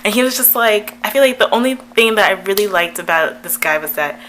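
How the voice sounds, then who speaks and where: Giggly, chatty young woman, bright voice. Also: mid-range voice, lively intonation, brisk, slight background noise, poor audio. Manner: chatty, giggly, lots of fillers. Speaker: YouTuber. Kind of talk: casual storytime vlog.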